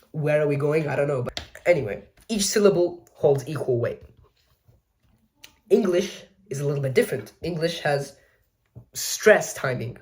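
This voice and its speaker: In a casual educational explainer, a video essay host speaks in a slightly high voice. He keeps it chatty, mocks himself in asides, and frequently corrects himself mid-sentence.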